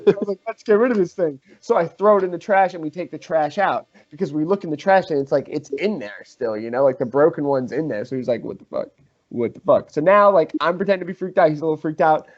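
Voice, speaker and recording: Young male podcast host, animated storyteller, somewhat high voice, slightly dull recording. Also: fast. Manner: animated, swearing, acts out quotes. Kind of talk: casual storytelling among friends.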